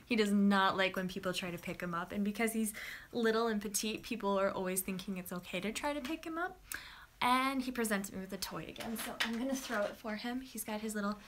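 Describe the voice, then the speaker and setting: A young woman hosting a writing-sprint livestream, chatting casually and excitedly with viewers and talking to her dog. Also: medium pitch, a little fast, slight background noise. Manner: bubbly and chatty, coos softly to her dog.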